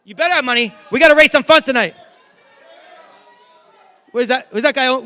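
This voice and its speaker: A man's voice: very high voice, brisk, long pauses, sharp tone. A middle-aged man performing live stage magic in a theater, bantering with the crowd in a brash, joking, swearing way. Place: large theater stage before a live audience.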